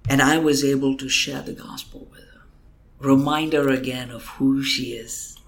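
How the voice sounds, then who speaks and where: A man's voice: mid-range voice, fairly even intonation, moderate pace. A man, a guest minister, telling an emotional testimony in a podcast interview, earnest and at times dropping to a whisper. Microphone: computer microphone.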